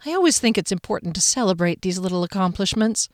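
A woman reads fiction aloud in an even, measured way. Her voice sits at a middle pitch and the recording is dry and close. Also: dry recording. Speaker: audiobook narrator. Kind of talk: scripted narration.

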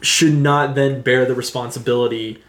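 A man's voice: medium pitch, normal speed. Reflective male podcaster, echoey room. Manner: animated, reflective storyteller. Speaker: podcast co-host. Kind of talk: casual chat.

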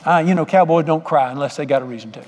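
A middle-aged man preaching in a fairly high voice, with a folksy storytelling manner and frequent questions to his listeners. The sound carries a long reverb, as in a big church hall. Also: rapid-fire, darkish tone. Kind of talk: sermon.

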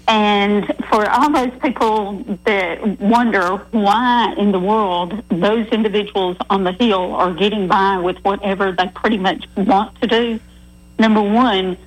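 A woman calling in to a radio talk show, speaking in a deliberate, opinionated way. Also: medium pitch. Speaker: caller. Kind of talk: call-in radio. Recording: phone line.

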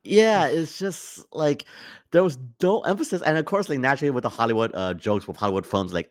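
A man's voice: medium pitch, a little fast, no echo. A young man co-hosting a podcast, rambling with lots of fillers and emphatic complaints. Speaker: podcast co-host. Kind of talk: casual podcast chat.

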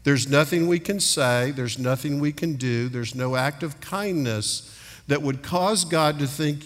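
A man's voice: fairly high pitch, a little slow. A middle-aged man preaching a sermon earnestly, acting out little dialogues as he speaks. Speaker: pastor. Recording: long hall reverb.

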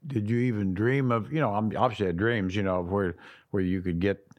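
A man hosting a podcast, asking questions in a hesitant, halting way and sharing his own memories. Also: lowish voice, steady tone, darkish tone. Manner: hesitant, searching for words. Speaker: podcast host. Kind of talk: casual interview chat.

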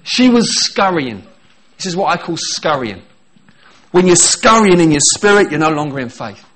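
A man preaching a sermon, animated, acting out little quoted voices and laughing often as he talks. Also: a little high, normal speed.

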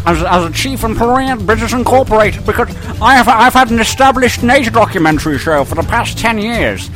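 A blustering cartoon explorer, as a man puts him on. His voice climbs high and swings widely. He sounds hearty and keeps exclaiming. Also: expressive, a little fast, a bit bright, low-quality recording. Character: posh middle-aged male cartoon explorer, hearty. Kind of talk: improv comedy.

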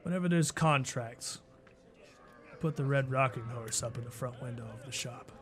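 A man voicing a curt, gravelly woman who runs a criminal guild in a tabletop game, speaking low and businesslike. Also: moderate pace, a crowd in the background, natural voice. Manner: terse and businesslike, low and hushed. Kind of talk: tabletop role-play character voice.

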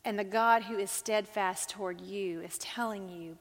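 A woman's voice: mid-range voice, fairly even intonation, normal speed, hardly any pauses. An earnest woman leads a Bible study, putting questions to her group. Her voice sits in a middle register and rings out with the long reverb of a big hall.

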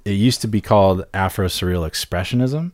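A man co-hosting a podcast, explaining a term in a measured way with frequent "um" and "like" fillers. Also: deep voice, no room sound, clean studio sound. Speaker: podcast co-host. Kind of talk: casual podcast discussion.

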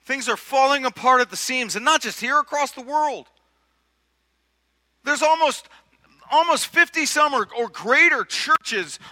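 A pastor preaches at a measured pace in a high, very bright, ringing voice, his sermon casual and conversational. He leans on rhetorical questions and repeats himself, and long reverb trails each phrase in the big hall.

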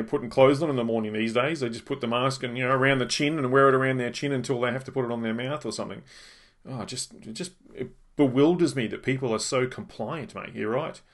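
Australian man, swearing podcast host. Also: medium pitch. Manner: swearing, laughing, animated storytelling. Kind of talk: casual podcast chat.

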